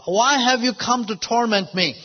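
A cowering, frightened demon begs to be left alone in a high, husky cry, as a male preacher acts it out. The sound is dull and lo-fi, carried on a long hall reverb. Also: normal speed. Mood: frightened pleading. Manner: pleading, cowering cries.

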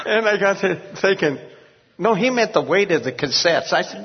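Man, older, pastor, earnest, halting, husky, dull recording, long reverb. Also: sits high. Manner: earnest, halting, many restarts. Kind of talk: testimony in an interview.

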